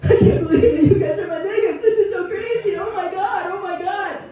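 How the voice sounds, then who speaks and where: A man's voice: very high voice, brisk, warm tone, voice pushed up. A man voicing an overexcited, clueless young white man with a gushing, squealing voice, in a comedy club. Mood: giddy. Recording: echoey live room, heard from a distance.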